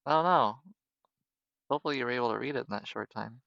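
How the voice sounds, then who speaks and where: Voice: mid-range voice, fast talker, gravelly, a bit bright, no room sound, highs cut off. A streamer chatting casually during a live stream in an apologetic, laughing way.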